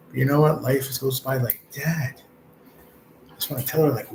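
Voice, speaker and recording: A man's voice: medium pitch, moderate pace, vocal fry, long pauses, darkish tone, slight background noise, rough recording. A man in his late forties hosting a casual livestream chat from a hospital room, talking bluntly and rambling with heavy swearing. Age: 40s. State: ill with stage four cancer. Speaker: livestream host.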